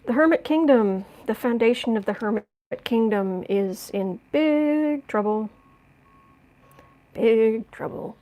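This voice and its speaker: A woman's voice: a little high, expressive, takes it slowly, warm tone. A woman giving a casual tarot reading, musing aloud and often restarting or repeating words. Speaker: tarot reader.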